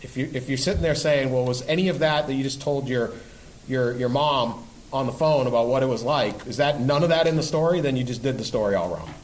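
A man's voice: mid-range voice, a little fast, rough recording. A man who is a guest sports columnist on a podcast, talking before a live audience in a rambling way with restarts and emphatic swearing.

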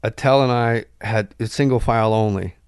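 A man with a gravelly, creaky edge tells comic stories with loud bursts of energy. He acts out sound effects and other people's lines. The sound is dry and close, with no room echo. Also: fairly low pitch, moderate pace. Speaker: podcast guest. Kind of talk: animated comic storytelling.

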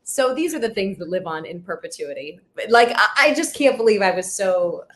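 Animated woman podcast host. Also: mid-range voice, a little fast. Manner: animated, self-deprecating storyteller. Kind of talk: casual chat.

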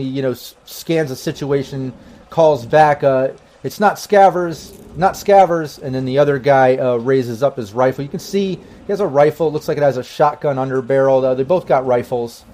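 A man's voice: mid-range voice, a little mellow. A man narrating a tabletop game as game master, rambling with many restarts.

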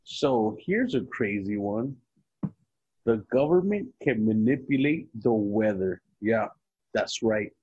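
A man's voice: mid-range voice, a little mellow, breathy edge, dry recording, dull audio. A man hosting a podcast, laid-back and profane, often checking for agreement. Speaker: podcast host. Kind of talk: casual podcast chat.

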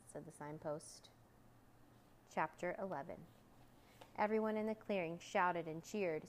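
Female narrator, slightly low voice, animated children's-story read-aloud. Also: moderate pace, a little hiss or hum, rough recording. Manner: lively, voicing characters with raised pitch for shouts.

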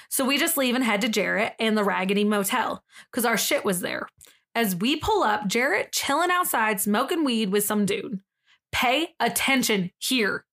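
A woman co-hosting a podcast, retelling a story in casual chat, quoting its people with sudden jumps in pitch and cursing freely. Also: lively intonation, moderate pace, a bit bright. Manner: reads a story aloud and quotes its people with sudden high jumps; swears freely and laughs between lines. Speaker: podcast co-host.

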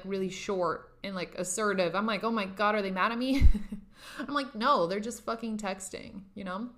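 A woman's voice: mid-range voice, fairly bright tone. A young woman hosting a podcast, giving a casual motivational talk, emphatic and profane, often laughing. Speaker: podcast host.

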